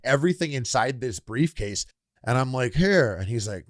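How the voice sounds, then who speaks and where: Animated swearing man telling a story. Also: mid-range voice, normal speed, no echo, clean studio sound. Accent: Canadian. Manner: animated, swearing, acts out quoted people. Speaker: podcast co-host. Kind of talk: casual storytelling chat.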